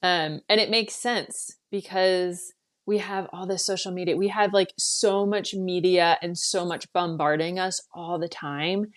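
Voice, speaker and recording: Reassuring lower-voiced woman coach. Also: steady tone, a little slow. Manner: reassuring, conversational. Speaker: parent coach. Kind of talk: casual podcast conversation.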